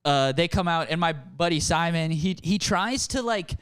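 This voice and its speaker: A young man with a slightly high, smooth and clear voice tells a loose story, laughing and jumping up in pitch when he acts out what people said. The sound is dry and close. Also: normal speed, dry recording. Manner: animated, laughing, acts out quotes in a higher voice. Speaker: podcast co-host. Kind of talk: casual storytelling chat.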